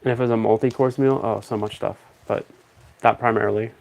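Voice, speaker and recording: A man chatting casually on a stream, rambling and thinking out loud in a relaxed way. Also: on the low side, quick pace, creaky. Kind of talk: casual chat.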